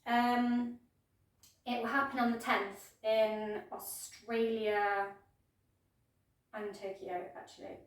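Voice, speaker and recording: A woman's voice: on the high side, level tone, slow pace, long pauses. Woman, yoga teacher, casual rambling talk, lots of ums, heavy room echo, distant mic. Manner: chatty, rambling, many ums and restarts. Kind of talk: casual yoga class intro and instruction. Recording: echoey room, voice from far off.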